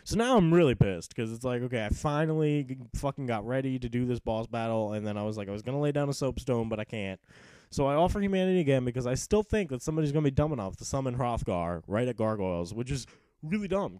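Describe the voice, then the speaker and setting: Young man, gaming commentary, mellow voice, dry close mic, swearing, self-mocking. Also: mid-range voice, lively intonation, fast, no echo. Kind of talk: post-recorded gameplay commentary.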